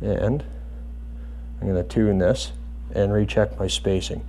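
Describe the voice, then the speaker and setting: A man explaining bass guitar adjustments step by step in a calm, methodical tutorial. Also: measured pace, a little hiss or hum.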